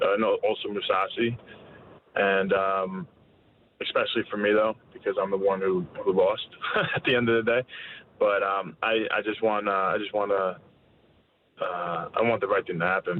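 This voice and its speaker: A man in his thirties, a fighter being interviewed, talking candidly with halting restarts. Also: low voice. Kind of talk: casual interview answers. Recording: tinny phone line with faint noise.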